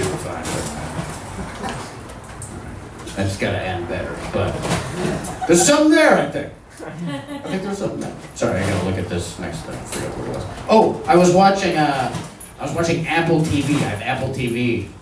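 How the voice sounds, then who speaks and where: A man's voice: mid-range voice, big pitch swings, moderate pace, reverberant, far from the mic, background noise. A man performing a stand-up comedy set in a club, rambling and profane and laughing at his own jokes. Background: audience.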